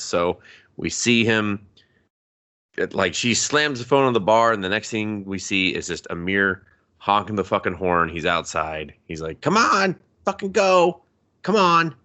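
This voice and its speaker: A man's voice: deep voice, sharp tone. A man co-hosting a casual movie review podcast, swearing freely and acting out scenes in quoted voices. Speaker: podcast co-host.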